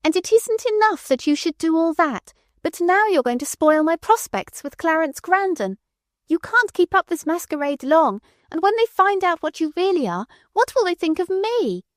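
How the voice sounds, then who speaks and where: A woman voicing a furious, shrill young woman who shouts accusations at her aunt, in an audiobook. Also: sing-song, normal speed, no room sound, clean studio sound. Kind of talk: audiobook character voice.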